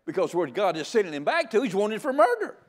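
A man's voice: high-pitched, big pitch swings, fast. Older man preaching a folksy, joking sermon. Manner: folksy and joking, with frequent stammered restarts. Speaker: guest preacher.

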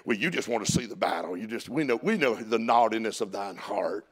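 A man with a Southern US accent voicing older brothers who mock a kid in a low, condescending tone. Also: a little fast, breathy edge. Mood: sneering. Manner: sneering, condescending.

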